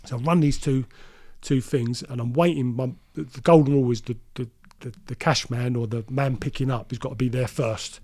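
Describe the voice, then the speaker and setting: A man's voice: mid-range voice, fairly even intonation, a little fast, dark tone. A middle-aged man tells his story in a casual interview. He keeps restarting his sentences and repeating himself, and he acts out what others said as he goes. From London. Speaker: interview guest.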